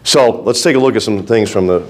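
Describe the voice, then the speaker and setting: A fervent male preacher with a fairly low voice delivers a folksy sermon. He swings from quiet, low asides to loud, urgent exhortation. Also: fairly quick. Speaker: pastor.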